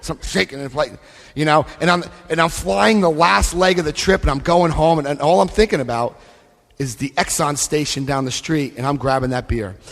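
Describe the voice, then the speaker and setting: Man, convention speaker, animated, acts out stories, big hall reverb. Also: on the high side, fairly quick, vocal fry. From United States. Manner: animated, acts out scenes, shifts voice for quotes. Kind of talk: recovery talk to a live audience.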